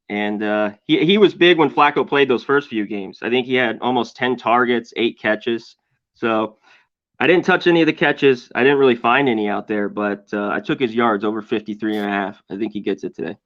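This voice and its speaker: Male sports bettor guest, loose and rambling, slightly muffled recording. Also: medium pitch. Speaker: sports betting handicapper. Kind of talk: casual sports betting chat.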